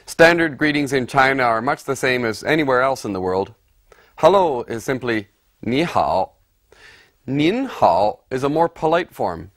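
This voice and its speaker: A man narrating a scripted language lesson, explaining deliberately and repeating example words for the listener. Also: medium pitch, fairly bright tone, dry recording, clean studio sound. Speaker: language teacher.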